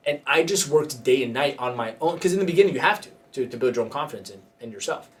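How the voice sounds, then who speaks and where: Animated, joking male podcast host. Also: mid-range voice, fast talker, far from the mic. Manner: animated, joking, laughs often, mock voices. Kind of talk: casual podcast banter and advice.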